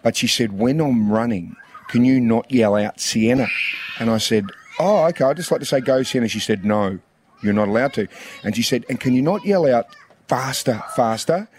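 A man's voice: mid-range voice, normal speed, a little mellow, slight background noise. A man with an Australian accent co-hosting a breakfast radio show, telling a story in chatty banter. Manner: chatty storyteller, mimics his daughter.

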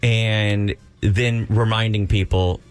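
A man's voice: fairly low pitch, fairly even intonation, slow, clear, resonant tone, soft background music. A middle-aged man hosting a radio show, chatting casually in a loose, rambling way full of joking asides. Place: radio studio.

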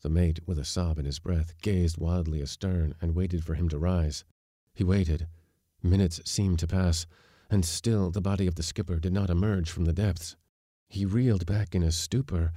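Deep, dark-voiced male narrator. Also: steady tone, normal speed, dry recording, studio quality. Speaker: podcast narrator. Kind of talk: scripted audiobook narration.

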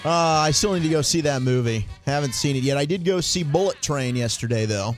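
A man's voice: medium pitch, a little fast, faint music behind. A man hosting a sports radio segment in a casual, rambling way with a studio mic. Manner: laid-back, rambling, laughs often.

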